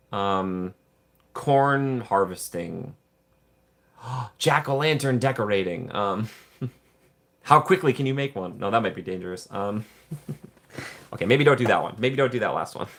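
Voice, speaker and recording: Guy rambling and joking on a livestream, kinda low voice, reads out chat. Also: a bit bright. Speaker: livestream host. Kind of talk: casual livestream chat with viewers.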